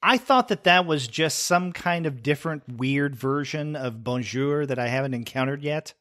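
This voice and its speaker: A man co-hosting a casual comics review podcast, answering in a relaxed, attentive way. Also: on the high side, normal speed. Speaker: podcast co-host.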